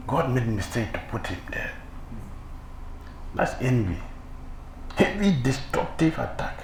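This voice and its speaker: A man preaches a scripture class in a lively, rising-and-falling voice. He hammers rhetorical questions and laughs at the envious. The sound is roomy, with a faint hum of ambience behind him. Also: medium pitch, unhurried, pauses often. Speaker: swami giving a scripture class. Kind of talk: sermon on scripture. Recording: echoey hall with faint ambience.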